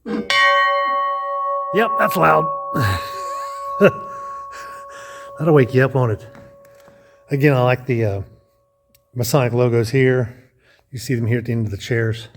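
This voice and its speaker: A man's voice: mid-range voice, steady tone, normal speed, long pauses, a little mellow, a little hiss or hum. A man casually narrating a walking tour of a lodge room, thinking aloud with frequent restarts and guesses. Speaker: vlogger touring a lodge.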